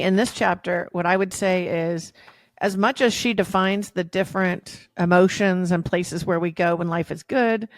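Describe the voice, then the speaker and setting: A woman's voice: on the low side, no room sound. A woman hosting a podcast, leading a thoughtful casual discussion. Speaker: podcast host. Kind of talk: casual chat.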